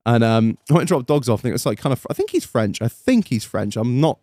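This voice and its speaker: A man's voice: medium pitch, fast talker, no echo, clean studio sound. A man hosting a podcast, telling stories in casual banter, swearing a lot and acting out the voices of people in them. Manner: lively storyteller, swears a lot, acts out quoted voices. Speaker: podcast host.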